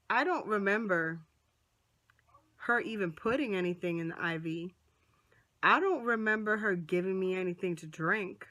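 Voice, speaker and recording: A woman's voice: mid-range voice, normal speed. Chatty woman telling her story to camera. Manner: chatty, animated, acts out quoted voices. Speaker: vlogger. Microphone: phone or small camera close up.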